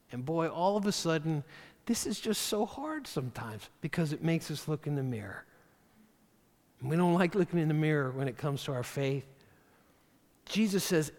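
A man preaching a sermon as pastor, animated and acting out the voices of the figures he quotes. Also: on the high side, moderate pace. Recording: long hall reverb.

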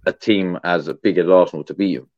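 A man's voice: sits low, steady tone, brisk, a little mellow, no room sound, lo-fi sound. A man chatting casually as co-host, slangy, rambling and swearing freely. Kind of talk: casual chat.

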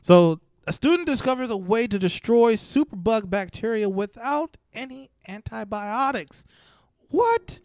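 A man giving casual, blunt, profanity-laced commentary on news stories, mocking and animated as he goes. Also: high-pitched, moderate pace, few pauses, no room sound.

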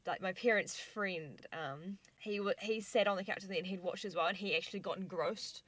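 Bright-voiced animated woman storyteller. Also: lowish voice, a little fast, no room sound. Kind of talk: casual chat.

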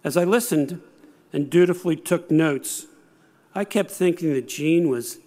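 Man, sixties, speech giver: measured storyteller, dry wit, slightly high voice. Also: a little mellow. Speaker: speaker. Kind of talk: prepared speech.

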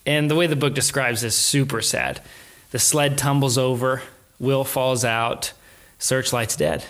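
Man retelling a story, mid-pitched. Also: unhurried. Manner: animated retelling with quoted voices and soft laughs. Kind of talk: casual storytelling chat.

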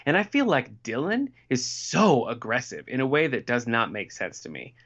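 A man's voice: medium pitch, sing-song, moderate pace, fairly bright tone, muffled recording. A man in his forties co-hosting a podcast, chatting casually about a TV episode and leaning on lots of "like" and "you know". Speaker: podcast co-host. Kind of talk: casual TV recap chat.

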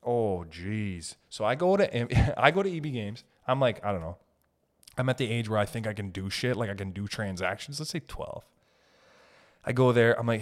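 Profane, animated podcast host, man. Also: lowish voice, moderate pace. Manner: animated and profane, laughs as he talks. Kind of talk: solo storytelling podcast.

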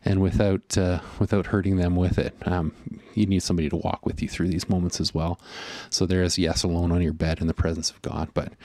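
A man's voice: sits low, little pitch movement, fairly quick, hardly any pauses, a little mellow, no echo. A man preaching a sermon in an earnest, conversational way, often voicing inner thoughts. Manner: earnest, conversational, with fillers and voiced inner monologue. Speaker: pastor.

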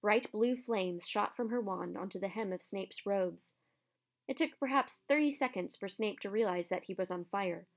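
A woman reading a novel aloud chapter by chapter, narrating in a steady storytelling manner. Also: medium pitch, moderate pace. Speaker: audiobook reader.

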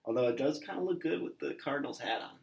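A man co-hosting a podcast, chatting casually with quick, sarcastic, deadpan jokes. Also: mid-range voice, gravelly. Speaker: podcast co-host. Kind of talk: casual chat.

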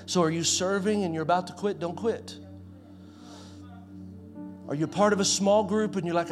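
A pastor in his forties preaching a sermon in a conversational way, swinging from loud to soft. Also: high-pitched, steady tone, normal speed, pauses often, music in the background. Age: 40s.

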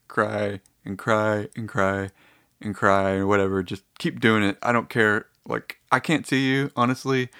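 Guy rambling on his solo podcast, lots of likes and ums, dry close mic, middle pitch. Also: fairly bright tone, clean tone, no echo. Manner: rambling, lots of fillers and restarts; slips into high mock-emotional voices for imagined listeners. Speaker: podcast host.

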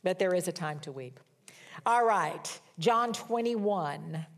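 Older female pastor, lower register, homespun storyteller with a wry streak. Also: lively intonation, slow. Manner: conversational, folksy storytelling with wry humor. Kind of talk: sermon.

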